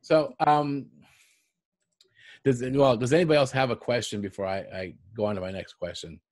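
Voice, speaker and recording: A male radio host, interviewing a guest in a halting, enthusiastic way. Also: mid-range voice, steady tone, darkish tone, dry recording. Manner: enthusiastic, halting, lots of fillers. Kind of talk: casual interview.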